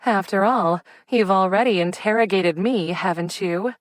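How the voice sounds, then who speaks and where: A woman's voice: mid-range voice, moderate pace, dry recording, studio quality, voice pushed up, natural voice. A woman voicing a sardonic, theatrical young female amateur detective in an audiobook. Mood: arch. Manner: arch and sardonic, with put-on fainting.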